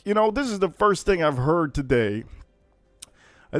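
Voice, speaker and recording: A man hosting a casual livestream, telling stories in an animated, profane way. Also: mid-range voice, no echo. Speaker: livestream host.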